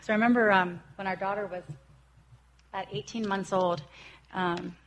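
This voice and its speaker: A woman's voice: mid-range voice, fairly even intonation, normal speed, fairly bright tone, slight background noise. Woman in her forties, earnest storyteller sharing a recovery story, slips into the voices of the people she quotes. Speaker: recovery speaker. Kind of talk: personal recovery talk.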